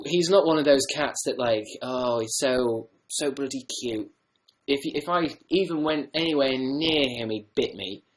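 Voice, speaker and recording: A young man from the north of England, his accent softened, rambling casually and swearing now and then as he reads viewer comments on his livestream. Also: medium pitch, a little hiss or hum. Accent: northern English, softened. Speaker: livestream host.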